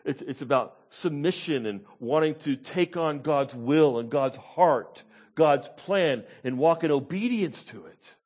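A pastor, preaching a conversational Bible-teaching sermon and often checking in with the congregation with "Okay?" and "Amen?". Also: male voice, on the high side, expressive, unhurried, darkish tone.

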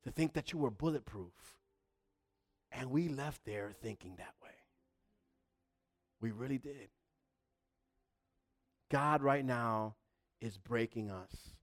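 A man's voice: medium pitch, takes it slowly, pauses often. A man preaching a sermon in a fervent, emphatic style, driving points home through repetition.

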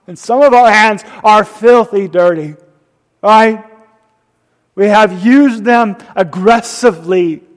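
High-voiced preacher in a reverberant hall. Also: male voice. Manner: swings from loud emphasis to soft whispers. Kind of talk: sermon.

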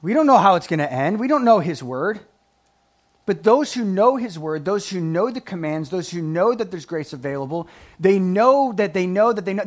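A man with a high-pitched voice preaches a sermon. His pitch leaps around as he swings from loud, emphatic lines to quiet asides. He reads scripture and laughs at his own jokes. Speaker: pastor.

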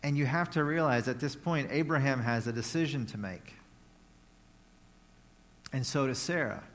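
A man's voice: medium pitch, normal speed, a bit bright. A man preaching a conversational sermon, retelling a Bible story with playful asides.

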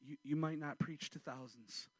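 A man in his forties, a pastor, preaching a sermon and telling a personal story, swinging from loud outbursts to hushed, quiet passages. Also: a little high, normal speed, dry recording.

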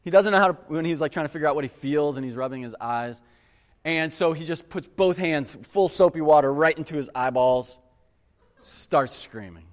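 A man preaching a sermon. He tells a personal story in an earnest, animated way and keeps addressing the crowd as guys. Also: a little high, moderate pace. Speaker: pastor. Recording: long reverb of a large hall.

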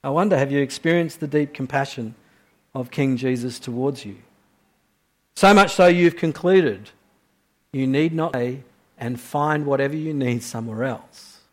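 A man preaching a sermon, moving between soft, slow reflective passages and louder, urgent questions to the congregation. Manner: swings from quiet, low reflection to loud, high-pitched questioning.

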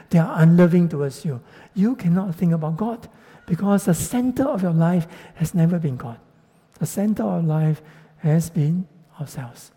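A man's voice: a little high, warm tone. A middle-aged man preaching a sermon, speaking earnestly and addressing the congregation directly. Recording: long reverb of a large hall.

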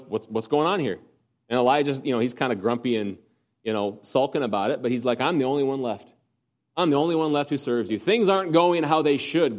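A man preaching a sermon, earnest, asking rhetorical questions and swinging from emphatic peaks to quiet low passages. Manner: asks the congregation rhetorical questions.

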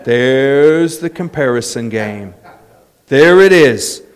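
A man preaching a sermon as a pastor, telling stories and building to loud exclamations. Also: medium pitch, animated, slow, smooth. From United States.

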